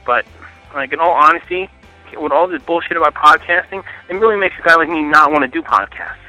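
Man, angry voicemail rant, very fast, bright forceful voice. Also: a little high, dry recording, soft background music, low-quality recording. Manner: profane, ranting, fast. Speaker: caller leaving a voicemail.

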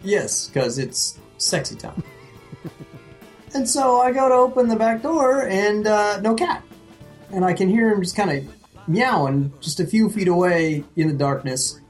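Animated man telling a profane story. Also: high voice, measured pace, soft background music. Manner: animated, profane, laughing at his own story. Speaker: podcast co-host. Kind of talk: casual comedic storytelling.

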